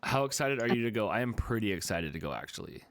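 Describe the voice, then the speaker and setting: A man co-hosting a podcast in casual live-stream chat, rambling and animated, slipping into silly voices for quotes. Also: fairly low pitch, quick pace. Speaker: podcast co-host.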